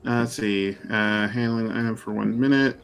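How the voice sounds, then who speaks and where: A man's voice: fairly low pitch, steady tone, moderate pace, vocal fry, soft background music. A man playing a tabletop role-playing game, reading his rules aloud in casual chat. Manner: reads rules aloud with fillers. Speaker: player.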